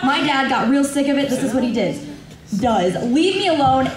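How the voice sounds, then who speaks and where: A woman's voice: sits high, normal speed, a crowd in the background. A teenage girl doing stand-up comedy for a class, telling stories with lots of acted-out quotes. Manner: animated storytelling with acted-out quotes. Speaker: student comic. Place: school drama class room. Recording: echoey room, far from the mic, audience laughter.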